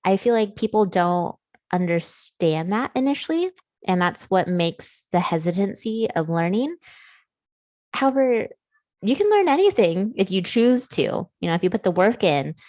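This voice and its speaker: A woman's voice: medium pitch, big pitch swings, normal speed, no echo, studio quality. A woman hosting an interview show, chatting casually and affirming her guest with lots of fillers. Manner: warm, affirming, many fillers. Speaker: podcast host.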